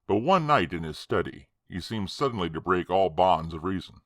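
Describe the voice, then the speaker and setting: Uneasy reluctant friend, man reading him, low bright voice, storybook. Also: very animated, moderate pace, no echo, studio quality. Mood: grave. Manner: hesitant, grave. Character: uneasy middle-aged male friend, reluctant.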